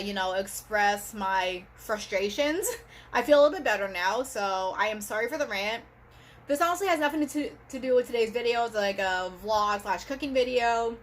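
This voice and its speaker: A woman's voice: fairly high pitch, fairly bright tone. A woman vlogger talking straight to her camera in a casual, rambling monologue, full of fillers like "you know" and "like.".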